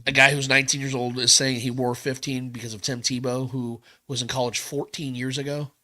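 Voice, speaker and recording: A man hosting a podcast, ranting in an animated, emphatic way with some swearing. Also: medium pitch, fairly quick. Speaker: podcast host. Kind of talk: podcast rant.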